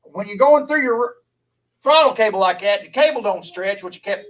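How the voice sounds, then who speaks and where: Bright, high-voiced Southern man chatting. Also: lively intonation, normal speed, distant mic, rough recording. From Louisiana. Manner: folksy, chatty, laughs easily. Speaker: logger streaming to viewers. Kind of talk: rambling live-stream chat.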